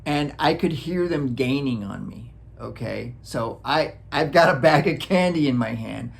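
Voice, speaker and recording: Man from Wisconsin, casual storyteller, gravelly voice, lots of rise and fall, acts out sound effects. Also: mid-range voice, unhurried. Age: adult, looking back on childhood. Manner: animated, acts out sounds, chuckles often. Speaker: vlogger.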